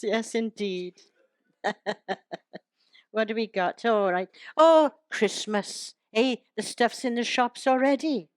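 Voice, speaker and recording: A woman's voice: a little high, no room sound. An older woman, reciting humorous poems and jokes to a live audience and teasing them along the way. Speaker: comic performer.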